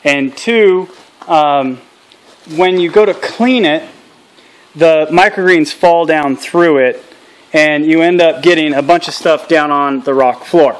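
A man's voice: a little high, slow pace. An earnest man hosting a casual vlog outdoors, talking candidly and peppering his talk with acronyms. His voice sits a touch above the usual male range. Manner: earnest and candid, drops acronyms and military jargon. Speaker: channel host. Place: outdoors at a small farm processing setup.

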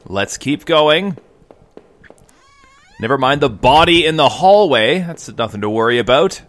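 A man's voice: medium pitch, animated, a little slow, fairly bright tone. A young man hosting a game video, chatting and joking to viewers while he plays on a desk mic. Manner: chatty, jokey, addresses viewers as folks. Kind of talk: casual gameplay commentary.

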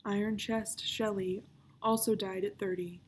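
A woman's voice: mid-range voice, fairly even intonation, a little slow, a little hiss or hum, lightly acted. A woman reading aloud, voicing a brooding, fatalistic male pirate captain of about thirty who talks in grim growls.

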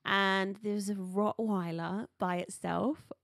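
A woman, co-hosting a casual chat, talking quickly and laughing often. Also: medium pitch, fairly even intonation, gravelly, fairly bright tone, no echo, clean studio sound. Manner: chatty and laughs easily. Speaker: podcast co-host.

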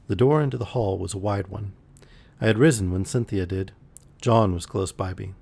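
A man with a low, gravelly, somewhat husky voice reads a novel aloud for a live stream. He keeps an easy, relaxed pace and now and then trips over a word and restarts. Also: a little fast. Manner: relaxed, with occasional slips and restarts. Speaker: audiobook reader on a live stream. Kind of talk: reading a novel aloud, voicing characters lightly.

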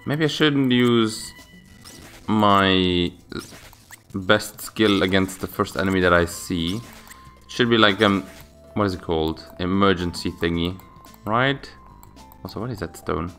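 A man's voice: low-pitched, measured pace, a bit bright, faint music behind. A man hosting a let's play, chatting casually and searching for words as he plays. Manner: rambling, searching for words with fillers. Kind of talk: casual gameplay commentary.

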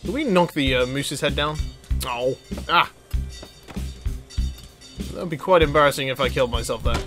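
A young man commentating his gameplay, excitable and swearing, breaking into sudden high yelps and laughter. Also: moderate pace, over music. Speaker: let's play gamer.

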